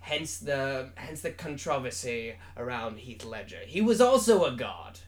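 A man playing a pompous male rock singer who claims to be a god, talking loud and grand in a put-on British accent for an improvised comedy interview. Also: medium pitch, very animated, unhurried. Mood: grandiose. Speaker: mock interview guest.

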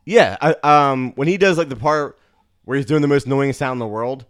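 A man in a casual movie chat, chiming in with quick remarks. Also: mid-range voice, animated, no room sound, studio quality. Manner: quotes lines, quick remarks.

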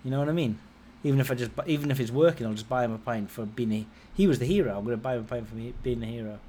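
A man's voice: very fast, slight background noise. A man in his forties, a podcast host, telling a long personal story in a casual, rambling way, with his voice rising and falling as he goes. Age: 40s. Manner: rambling, conversational, lively swings in pitch and loudness.

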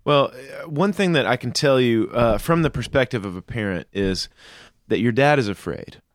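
Man, father, co-host, earnest storytelling, lots of ums, mid pitch, lively intonation, dry sound. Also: moderate pace, no room sound. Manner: earnest storytelling with frequent fillers. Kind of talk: casual advice talk with personal story.

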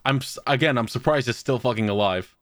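A man's voice: medium pitch, brisk, fairly bright tone, no room sound, clean studio sound. A young man chatting casually, telling rambling, profane stories with bursts of laughter. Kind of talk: casual chat.

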